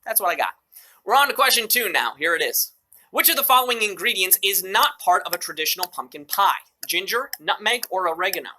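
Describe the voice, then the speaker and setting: A man's voice: high-pitched, animated, fairly quick, pushed and bright, slight background noise. A man hosting a live mobile trivia game show, upbeat and joking with playful asides.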